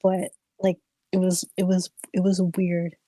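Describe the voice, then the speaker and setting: A young woman streamer casually telling a ghost story, animated and giggly, full of "like" fillers. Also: fairly low pitch, a little slow, no echo, rough recording. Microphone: streaming mic.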